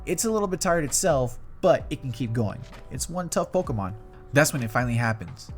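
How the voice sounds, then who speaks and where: A man's voice: mid-range voice, very animated, a little fast. A young man narrating a fan story in a loose, conversational play-by-play with run-on phrasing. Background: faint guitar music.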